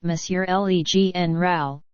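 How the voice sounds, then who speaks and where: A woman's voice: lowish voice, fairly even intonation, very slow, darkish tone, clear, resonant tone, dry recording, highs cut off. A woman doing a witty, firm Englishwoman. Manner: light, firm, amused.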